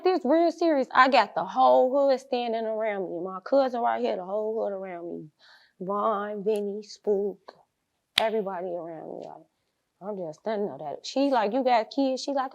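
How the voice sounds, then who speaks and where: A woman's voice: fairly high pitch, lively intonation, normal speed, creaky, a bit bright. A young woman, an interview guest, telling her life story bluntly in street slang and acting out the people she quotes.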